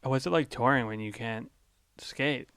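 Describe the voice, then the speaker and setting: A man's voice: mid-range voice, a little slow, fairly bright tone, clear, resonant tone, no room sound. A man hosting a podcast, asking casual questions and giving short replies. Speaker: podcast host. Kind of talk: interviewing, casual chat.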